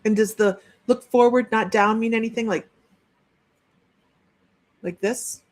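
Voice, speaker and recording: A woman's voice: on the high side, fairly even intonation, unhurried. A woman working as a psychic medium, giving a chatty live-streamed reading and relaying messages with frequent restarts.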